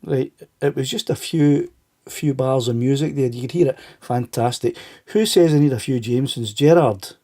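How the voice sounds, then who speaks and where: A man's voice: mid-range voice, moderate pace, mellow. A middle-aged Scottish man hosting a casual livestream chat, stuffed up with a cold, greeting viewers by name and laughing often. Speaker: livestream host.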